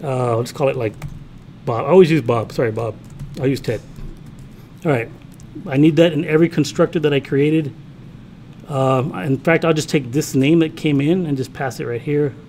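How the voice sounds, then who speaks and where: A man's voice: on the high side, moderate pace, long pauses, darkish tone, a little hiss or hum. Casual male programming instructor. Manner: casual, thinks aloud while typing, talks to himself; checks in with the class often. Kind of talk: classroom lecture with live coding. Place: classroom with students.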